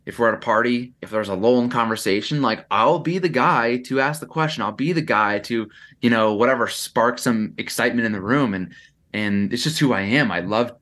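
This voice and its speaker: A man's voice: mid-range voice, a little fast, a bit bright. A young adult man as a podcast guest, chatting casually in a reflective way, with frequent fillers and restarts. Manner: reflective, talks in bursts with lots of "like" and restarts. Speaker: podcast guest, content creator.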